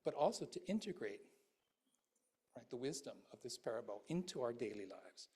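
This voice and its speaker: A man's voice: medium pitch, very animated, normal speed, darkish tone, breathy edge. A male guest minister giving a Buddhist dharma talk in a conversational way, with fillers and asides to the audience.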